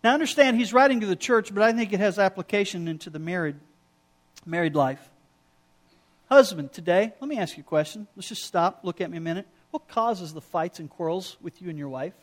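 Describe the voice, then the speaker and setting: A middle-aged man preaching a sermon as pastor, telling stories and acting out quoted lines in an animated way. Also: fairly high pitch, fairly quick.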